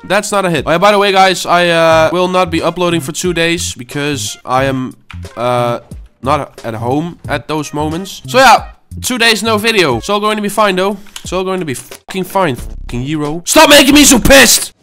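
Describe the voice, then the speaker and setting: A man's voice: a little high, normal speed, fairly bright tone, faint music behind. A man in his twenties at home, swearing and ranting in frustration while commenting on his own gameplay. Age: 20s. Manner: angry, swearing, frustrated muttering. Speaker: gaming channel host.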